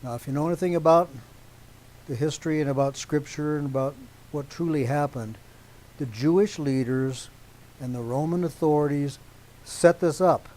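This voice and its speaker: Emphatic preacher man, mellow voice. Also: on the high side, rough recording. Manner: deliberate, emphatic, checks agreement with listeners. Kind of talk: teaching sermon to a congregation.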